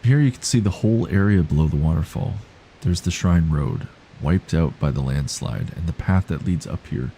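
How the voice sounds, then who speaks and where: Deep gravelly-voiced man streaming a game. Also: expressive, normal speed, dark tone, slight background noise. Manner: dry, joking asides to chat. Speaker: gaming streamer. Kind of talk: live gameplay commentary, reading game text aloud.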